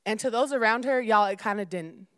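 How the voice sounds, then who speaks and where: Young woman preacher: casual sermon, smooth clear voice, dry close sound. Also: fairly high pitch, a little fast, fairly bright tone, no room sound. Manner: informal, addresses listeners as y'all, prays and reads aloud.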